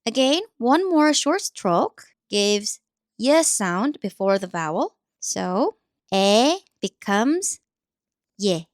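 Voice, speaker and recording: A woman with a Korean accent teaching the Korean alphabet, speaking slowly and repeating each sound patiently for learners. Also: medium pitch, big pitch swings, no room sound, studio quality. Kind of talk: slow, deliberate teaching.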